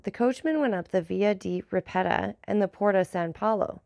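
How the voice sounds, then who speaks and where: A woman narrating a classic novel as an audiobook in a measured, formal reading. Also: mid-range voice, creaky, a little mellow, no room sound, clean studio sound.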